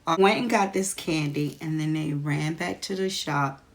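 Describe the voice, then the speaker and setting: A woman's voice: sits low, normal speed. A woman vlogger chatting casually, retelling a story while doing her makeup.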